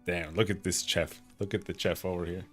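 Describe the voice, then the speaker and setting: A man's voice: low-pitched, fairly even intonation, fairly quick, faint music behind. A young man with a Swedish accent, chatting casually and rambling on a gaming livestream, swearing now and then. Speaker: streamer.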